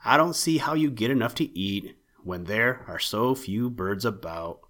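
An innocent young rabbit, as a male reader puts him on, full of eager questions. The voice sits fairly low and plain, only lightly lifted for the part. He sounds polite and wide-eyed. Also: lively intonation, measured pace, fairly bright tone.

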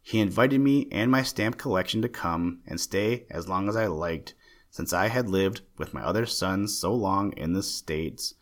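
A man voicing a fussy, excitable old male stamp collector with a chattering, genteel manner. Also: sits low, normal speed, close to an everyday voice. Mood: earnest. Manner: chattering, genteel, easily indignant.

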